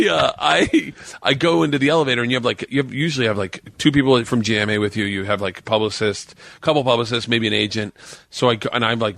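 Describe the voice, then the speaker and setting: As a guest on a podcast, a man in his forties swears liberally while he animatedly recounts a story and performs others' lines. He has a gravelly, medium-pitched voice, and there's no room sound.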